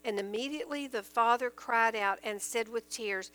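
Bright high-voiced woman teaching scripture. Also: moderate pace, few pauses, soft background music, rough recording. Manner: earnest, explains verses in plain everyday terms. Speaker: Bible teacher. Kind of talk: Bible teaching, reading scripture aloud.

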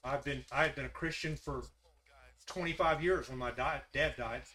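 A man's voice: medium pitch, moderate pace, sharp tone. A man leading a Bible study in a folksy way, asking the group questions. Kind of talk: conversational Bible study teaching.

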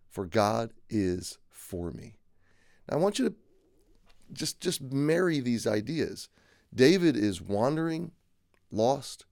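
A man's voice: on the low side, creaky, darkish tone, dry recording, clean studio sound. A male pastor giving a daily devotional Bible teaching, earnest and repeating phrases for emphasis.

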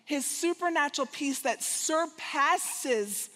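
A woman with a high voice tells a story from the pulpit. She is animated and slips into the voices of the people she describes, and her words ring out with a long reverb like a large hall. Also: takes it slowly. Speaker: guest speaker. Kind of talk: storytelling sermon.

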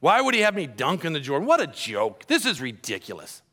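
A man's voice: medium pitch, animated, fairly quick, fairly bright tone, clear, resonant tone, big-room sound, pitched below the performer's own voice, natural voice. A man voicing a proud foreign army commander who is angry and scoffing. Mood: indignant. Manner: indignant, scoffing.

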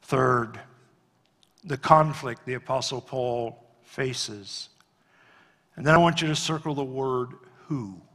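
A male pastor preaching a sermon, swinging between loud emphatic climbs and quiet, low endings. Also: takes it slowly. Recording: long reverb of a large hall.

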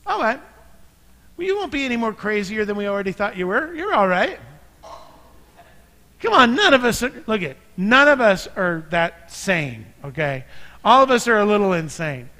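A male pastor preaching in a relaxed, storytelling way, with quips along the way. His voice sits high and sounds bright and forceful. It rings out with a long reverb, as in a church sanctuary. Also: moderate pace. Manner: conversational, joking storyteller. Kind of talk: sermon.

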